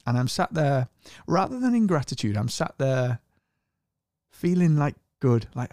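A middle-aged man tells a spiritual experience in an earnest, searching way, circling back and restarting phrases. His voice is mellow and unhurried. It sits close and dry, with no room sound. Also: mid-range voice, very animated, dry recording. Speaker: podcast host. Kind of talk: reflective personal storytelling.

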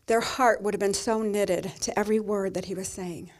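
A woman's voice: medium pitch, fairly even intonation, normal speed. A middle-aged woman pastor giving a sermon, telling a personal story in a tender, emotional way.

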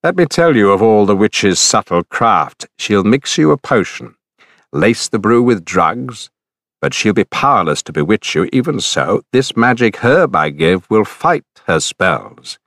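A man's voice: fairly low pitch, big pitch swings, unhurried, fairly bright tone, no room sound, exaggerated voice. Man reads a young male god for a storybook: earnest, instructive, clean dry read. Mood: urgent counsel. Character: youthful male god, kindly and warning.

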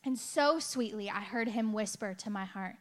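A woman shares her faith testimony in a chatty sermon, speaking at medium pitch and normal speed. She tells her story candidly, pokes fun at herself, and keeps saying "like" and "right?".

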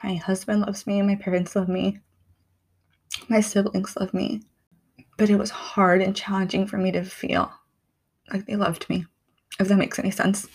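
A young woman speaking candidly and emotionally in a reflective personal vlog, soft-spoken with pauses. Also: medium pitch, little pitch movement, breathy edge. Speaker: vlogger.

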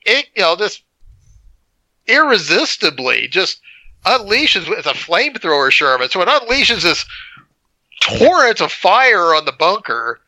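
Man, high, very bright voice, lively podcast co-host retelling film scenes with gusto. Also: measured pace, no room sound, poor audio. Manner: animated storyteller, acts out scenes. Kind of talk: casual movie review chat.

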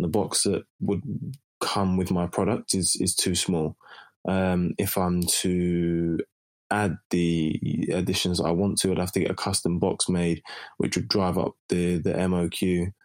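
Deep flat-voiced London man, hesitant. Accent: London English. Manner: hesitant, many fillers. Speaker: caller. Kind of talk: recorded listener question.

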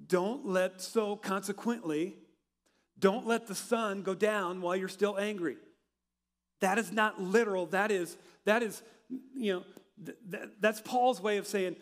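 A high-pitched man preaching in a church hall, his voice carrying a long reverberant tail. He asks the congregation questions and waits for the answer, then lets his voice sink low and quiet. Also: steady tone, unhurried. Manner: preaches with rhetorical questions, swings from loud to quiet. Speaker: pastor. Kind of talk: sermon.

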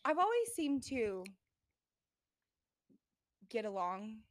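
A woman's voice: on the high side, sing-song, slow pace. A young woman from Florida hosting her podcast, chatty and laughing often, with many fillers. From Florida, United States. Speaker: podcast host, new comedian. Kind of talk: casual podcast chat.

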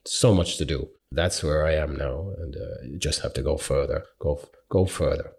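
A middle-aged Irish man and open water swimmer, speaking to students in a rambling, animated storytelling style. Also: rumbling low, normal speed, gravelly. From Ireland.

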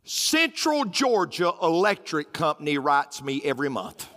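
A man preaching with bright, ringing energy and a voice that leaps up high and swoops low. He repeats himself for emphasis and works in folksy humor. The sound carries a long hall echo with faint music underneath. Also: very animated, a little slow. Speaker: pastor. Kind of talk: sermon.

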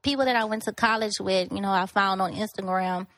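A woman's voice: medium pitch, brisk, a bit bright, dry recording, studio quality. A woman in her thirties from Lafayette, chatting candidly as a guest model and laughing often. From Lafayette, Louisiana. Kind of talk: casual podcast chat.

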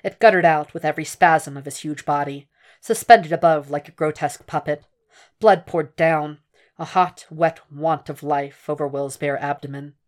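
A woman narrating a fan fiction audiobook in a steady, hushed, intense reading voice. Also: low voice, normal speed. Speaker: podfic reader.

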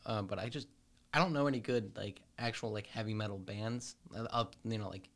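A young man co-hosting a podcast in a studio, telling stories in a relaxed, halting way. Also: fairly low pitch. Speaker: podcast co-host. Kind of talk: casual chat.

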